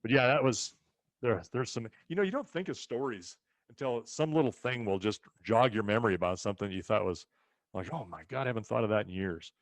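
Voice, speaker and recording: Animated male ranch storyteller. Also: fairly low pitch, a little fast, no room sound. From rural western United States. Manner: animated storyteller who acts out other people's lines. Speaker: ranch co-host telling family stories. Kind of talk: casual storytelling chat.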